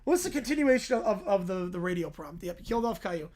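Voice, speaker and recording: A woman hosting a casual livestream, reading silly stories aloud in an animated way and laughing often. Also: medium pitch, fast talker. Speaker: livestream host.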